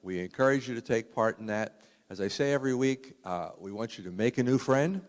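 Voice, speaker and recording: A man's voice: medium pitch, a little fast. A man giving casual announcements to a community meeting, chatty with small fillers. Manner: relaxed, chatty, with frequent uh fillers. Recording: echoey community hall.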